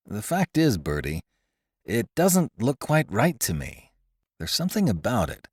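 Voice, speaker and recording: A man voicing an anxious, gloomy young artist who speaks in a low, doubtful, hesitant way. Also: wildly swooping pitch, measured pace, slightly rough, no room sound, clean studio sound, heavily acted. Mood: glum.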